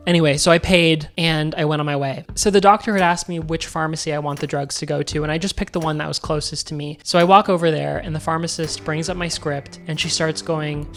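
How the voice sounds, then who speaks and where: A woman's voice: low voice, a little fast, faint music behind. A woman telling a story in a casual vlog, acting out both sides of the dialogue. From Canada. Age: 30s. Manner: animated, acts out each side of the dialogue. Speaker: vlogger.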